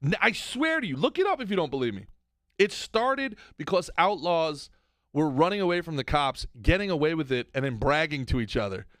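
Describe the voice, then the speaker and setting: A man co-hosting a comedy podcast, ranting in a casual, animated way that swings from loud outbursts to mumbled asides. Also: fairly high pitch, a little fast, no echo, studio quality. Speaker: podcast co-host.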